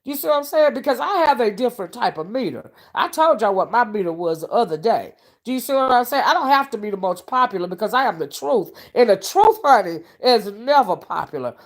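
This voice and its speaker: This woman vlogger talks casually to her live-stream viewers in a fairly high voice with big swings in pitch, moving quickly with few pauses. She calls them honey and y'all and keeps asking if they see what she's saying.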